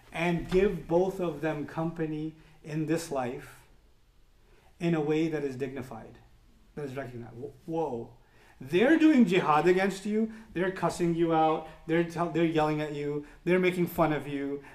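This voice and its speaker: A man giving an impassioned Islamic sermon, quoting Arabic verses and shifting between emphatic rises and softer counsel. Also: a little high. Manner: passionate, rising emphatic then softening, quotes Arabic verses. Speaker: Islamic preacher.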